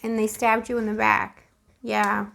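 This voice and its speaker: A woman's voice: medium pitch, level tone, unhurried, gravelly, a bit bright. A woman giving a casual, chatty tarot reading to camera. She is emotional and keeps calling the listener boo. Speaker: tarot reader.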